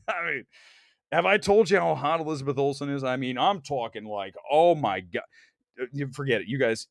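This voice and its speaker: A man chats on his movie live stream, loud and joking. His voice swings widely and sits a little high. It sounds dry and close, with no room around it. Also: no echo. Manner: loud, excitable, jokey rants. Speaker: host. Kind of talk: casual live-stream chat. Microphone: desk mic.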